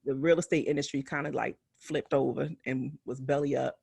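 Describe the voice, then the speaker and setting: A woman's voice: very deep voice, a little fast, creaky, husky, no room sound. Laughing storyteller woman, dry sound. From West Philadelphia. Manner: animated storytelling, laughs often, acts out quotes. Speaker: podcast co-host, physician. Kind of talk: casual chat.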